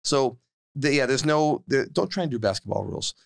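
A man in his forties co-hosting a podcast, telling a story in casual chat, repeating words and getting more excited as he goes. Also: a little fast, gravelly. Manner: animated, repeats words and restarts, rises in pitch when worked up. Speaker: podcast co-host and youth basketball assistant coach.

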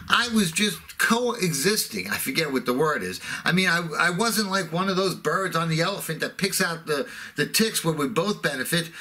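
A man's voice: on the high side, sharp tone. Sarcastic man ranting in comic monologue. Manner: sarcastic, self-mocking storytelling. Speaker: comedic ranter.

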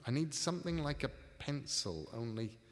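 A man's voice: medium pitch, animated, normal speed, pitched above the performer's own voice, lightly acted. A man reading aloud, voicing a curious, clever young boy who speaks earnestly. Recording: live reading in a reverberant hall.

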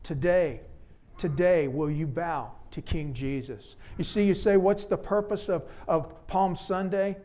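In a church sanctuary, a preacher with a fairly high voice speaks from the pulpit. His sermon is dramatic, shifting from soft, earnest entreaties to loud exclamations.

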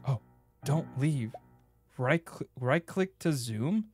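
A young man streaming a game playthrough, joking crudely and bursting into excited yelps. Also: mid-range voice, takes it slowly, husky, no echo, studio quality, soft background music. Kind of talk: gaming playthrough commentary.

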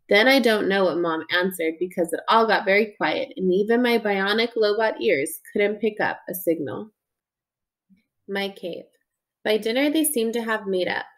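A woman narrating a children's audiobook in the first person. Her storytelling is plain and earnest, told in a child's voice and at a middle pitch. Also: normal speed.

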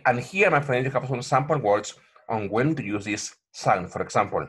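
Husky man teaching pronunciation. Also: medium pitch, a little fast, fairly bright tone. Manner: repetitive, addresses viewers as my friends, frequent okay. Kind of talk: online language lesson.

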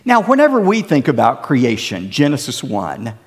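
A man preaching a sermon as pastor, emphatic, with animated rises and drops in his delivery. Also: mid-range voice, moderate pace, big-room sound.

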